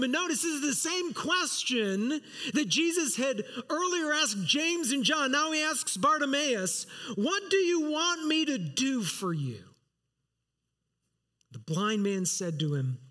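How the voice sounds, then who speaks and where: A man with a strikingly high voice delivers a sermon as pastor. He preaches earnestly, reading scripture aloud and pressing each point with emphasis. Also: bright, forceful tone.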